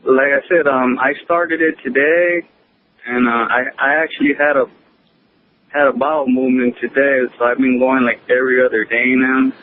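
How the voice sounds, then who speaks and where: A man's voice: mid-range voice, flat delivery, moderate pace. A man calling in to a radio show, talking hesitantly with lots of ums and uhs. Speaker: caller. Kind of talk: phone-in call. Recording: tinny phone line with faint hiss.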